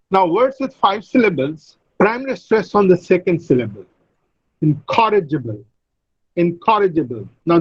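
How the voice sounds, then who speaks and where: A man teaching English word stress in an online lecture, speaking deliberately and repeating each word to model it. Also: high voice, breathy edge, dry recording, highs cut off. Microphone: computer mic on a video call.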